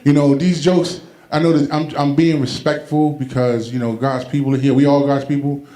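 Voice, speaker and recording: A man's voice: mid-range voice, little pitch movement, normal speed, warm tone, roomy sound, a little hiss or hum. A man from Brooklyn, doing a loose, rambling stand-up routine and laughing at his own jokes. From Brooklyn, New York. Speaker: stand-up comedian. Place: comedy event venue.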